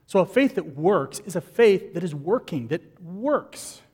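A man preaching a sermon as pastor, lively and animated, acting out the people in his stories. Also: sits high, measured pace, husky, big-room sound.

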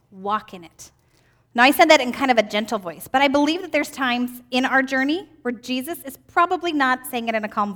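Woman in her 40s, children's ministry teacher, high bright voice, upbeat, keeps asking the kids questions. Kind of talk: children's church lesson.

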